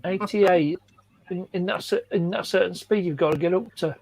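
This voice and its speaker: A man's voice: sits high, moderate pace, creaky, a little mellow, no echo, rough recording. A man on a live-stream chat telling old jokes and laughing at his own lines. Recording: faint background noise.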